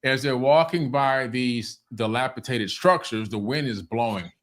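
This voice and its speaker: A man on a panel telling an old parable in a calm, measured way. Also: medium pitch. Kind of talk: storytelling.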